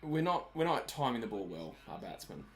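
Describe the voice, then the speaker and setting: An Australian man with a medium-pitched voice hosts a live stream, talking casually as he watches a match. He sounds very animated and brisk, laughing often and responding to viewers' comments.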